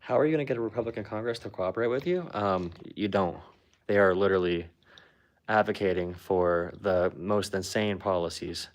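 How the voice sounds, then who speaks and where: Blunt, sarcastic low-voiced man. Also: a little fast. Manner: sarcastic and blunt, with frequent "like" fillers. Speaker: political commentator. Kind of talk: casual chat.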